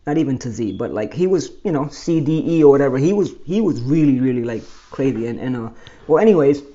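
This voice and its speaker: A man's voice: mid-range voice, animated, fast, warm tone. Man telling his life story, lo-fi. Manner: rambling, restarts and corrects himself. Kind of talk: personal life story monologue.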